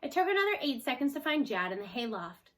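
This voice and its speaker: A woman reading a children's novel aloud expressively, slowing for chapter titles. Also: high voice, very animated. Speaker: storyteller.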